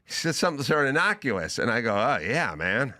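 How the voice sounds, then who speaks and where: A man who hosts a talk show and works as a comedian, telling a story in a casual, animated way and acting out both sides of a phone call. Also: medium pitch, a little fast. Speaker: podcast host.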